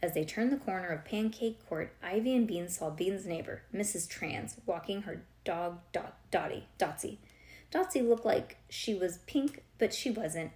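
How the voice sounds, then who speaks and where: A woman's voice: on the low side, lively intonation, moderate pace, darkish tone, roomy sound. A woman reading a children's chapter book aloud to a child, breaking off for casual chatty asides. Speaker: reader to a child.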